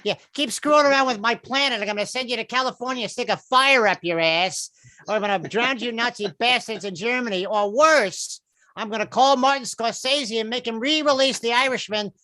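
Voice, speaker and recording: A man's voice: very high-pitched, fairly quick, sharp tone, pitched above the performer's own voice. A man voicing an angry, foul-mouthed female Mother Earth who talks like a street tough and snarls threats. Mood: menacing.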